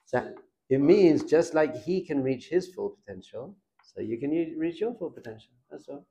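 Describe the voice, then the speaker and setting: A middle-aged man, a rabbi, giving an informal Torah class in a lively, conversational way and putting questions to his students. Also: a little high, a little slow, gravelly.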